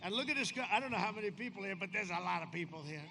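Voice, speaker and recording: A man with a high-pitched voice, lively intonation and vocal fry races through a rambling, boastful, off-the-cuff campaign speech at an outdoor rally. He speaks into a podium microphone, and the recording is noisy with rally sounds in the background.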